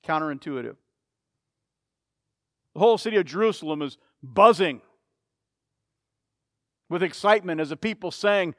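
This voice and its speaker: A man's voice: fairly high pitch, fairly quick, fairly bright tone, dry recording, clean studio sound. A man preaching a sermon, emphatic and repeating key phrases for effect. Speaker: pastor.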